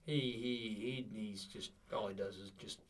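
A man's voice: fairly low pitch, fairly even intonation, a little slow, far from the mic. A young man co-hosting a casual sports podcast, teasing and blunt, mocking his friend. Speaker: podcast co-host, Grizzlies fan.

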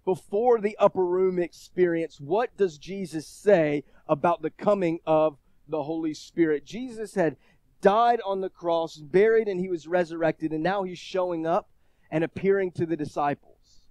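A man in his thirties preaching a sermon, swinging between loud emphatic scripture reading and quiet, casual storytelling. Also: high voice, moderate pace, no room sound.

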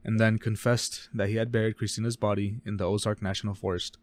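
Guy on a true crime podcast reading notes, kinda low voice, trips over words a lot, dry mic. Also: little pitch movement, no echo. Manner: reads case notes fast, stumbles and corrects himself. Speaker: podcast co-host.

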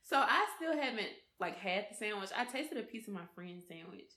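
A woman's voice: medium pitch, moderate pace, roomy sound. A woman with a Southern US accent co-hosting a podcast, telling stories in casual chat and laughing often. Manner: expressive storyteller, laughs often. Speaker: podcast co-host.

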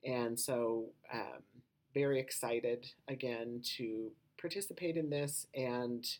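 A woman hosting a podcast with a low voice that gets mistaken for a man's, talking casually and rambling with lots of filler words. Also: slow pace, a little mellow. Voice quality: low voice often taken for a man's on the phone. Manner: rambling, many "you know" fillers. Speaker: podcast host.

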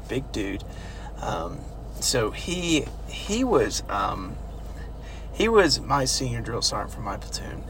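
A man casually telling funny army stories, laughing often and acting out the quotes. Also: slight background noise. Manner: laughing, animated, acts out quotes with big pitch jumps. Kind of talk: casual storytelling chat.

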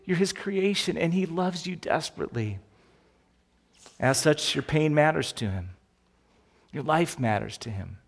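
A man's voice: fairly high pitch, a little slow, gravelly, long pauses, long reverb tail. Conversational man preaching a sermon. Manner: conversational, animated preaching with rhetorical questions. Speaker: pastor.

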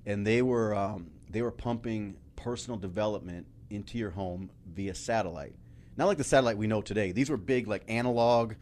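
A middle-aged man telling his story as a podcast guest, animated, laughing often and swearing casually. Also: lowish voice, a little fast, slight background noise.

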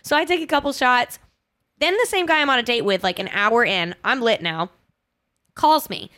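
A woman in her twenties tells a dating story on her podcast, dramatic and animated. Her pitch swings widely and sits a little high. The sound is dry and close. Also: normal speed, no echo. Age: 20s. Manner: animated, dramatic retelling with laughter. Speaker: podcast host. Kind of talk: casual storytelling chat.

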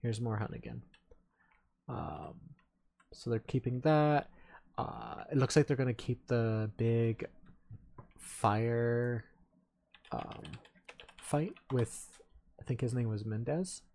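A man's voice: mid-range voice, animated, slow pace, long pauses, a little mellow. A man hosting a solo gaming podcast, rambling casually and giving strong opinions with plenty of enthusiasm. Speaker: podcast host.

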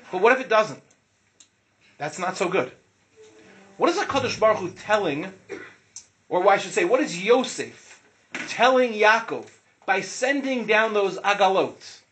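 Man, rabbi, informal Torah class, engaging, quizzes students, slightly high voice, light hiss. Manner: animated, asks the listeners questions, acts out students' words.

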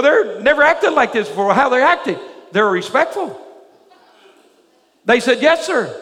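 A pastor preaches to his congregation in a strikingly high, energetic voice, constantly asking questions to check they're following. The sermon fills a large church sanctuary, each phrase trailing into long reverb.

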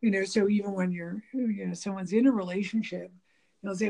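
A woman with a gravelly, low-key mellow voice talks in a loose, rambling way, full of fillers and restarts. She laughs often and acts out little snippets of dialogue as she goes. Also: fairly quick. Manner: animated, laughing, mimics dialogue. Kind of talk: casual conversation about relationships.

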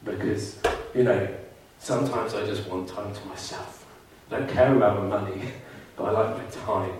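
A man's voice: fairly low pitch, steady tone, normal speed, noisy background. A man preaching a sermon with earnest fervour, now and then mimicking grumbling churchgoers in a put-on voice. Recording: very echoey hall, mic far off.

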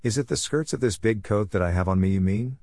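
A man's voice: fairly low pitch, fast talker, darkish tone, no echo, studio quality, natural voice. A man reading the part of a sly, easygoing churl in a folk tale, talking in a wordy, mock-polite, teasing way. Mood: innocent.

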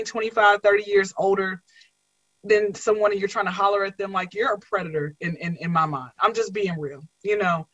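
A woman's voice: mid-range voice, dry recording, highs cut off. A woman comedian telling blunt, joking stories in a casual podcast chat. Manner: animated storytelling, blunt and joking. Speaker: comedian guest.

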